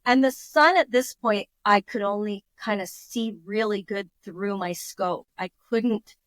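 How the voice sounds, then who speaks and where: A woman guest on a podcast, telling a story in a lively, casual way and acting out her own thoughts in quotes. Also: medium pitch, measured pace, dry recording.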